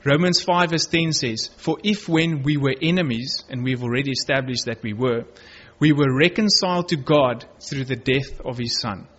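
A man's voice: medium pitch, moderate pace, few pauses, a bit bright. A man preaching a sermon, reading Bible verses aloud and earnestly stressing key words. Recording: dull lo-fi recording.

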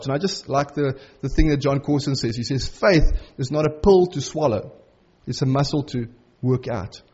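A middle-aged man preaching a sermon in an earnest, conversational way, slowing right down on key phrases. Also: sits high, a little mellow, slightly rough, dull audio.

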